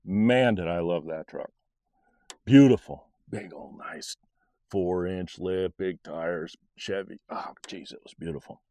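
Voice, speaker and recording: A man's voice: deep voice, unhurried, darkish tone, no room sound. A middle-aged man telling a personal faith story in a rambling, earnest, conversational way. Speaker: podcast storyteller.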